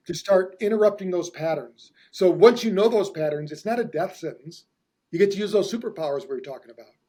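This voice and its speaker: A man's voice: high-pitched, darkish tone, husky. A middle-aged man hosting a podcast, explaining with enthusiasm in long run-on thoughts. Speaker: host, hypnotherapist. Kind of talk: casual podcast conversation.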